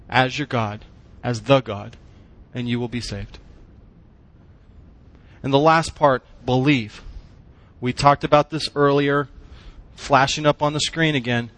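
A man's voice: mid-range voice, no echo. A man preaching a sermon, emphatic, using short punchy phrases and asking the congregation questions. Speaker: pastor.

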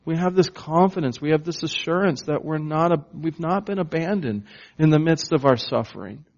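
A man preaching a sermon, slow and emphatic, asking the congregation questions and waiting for answers. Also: fairly high pitch, a little mellow, lo-fi sound. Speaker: pastor.

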